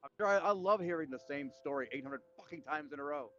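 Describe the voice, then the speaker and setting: A man's voice: on the high side, quick pace, a bit bright, lo-fi sound, soft background music. A man ranting animatedly in casual chat, swearing heavily.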